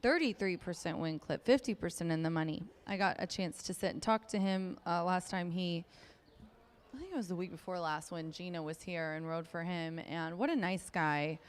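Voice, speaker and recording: A woman's voice: lowish voice, normal speed. A woman working as a racetrack handicapper, giving a chatty, upbeat race preview with frequent ums.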